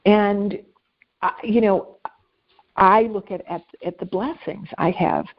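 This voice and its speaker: Woman, life coach, gravelly voice, lo-fi audio, animated, self-deprecating. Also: medium pitch, takes it slowly. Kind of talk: casual interview conversation.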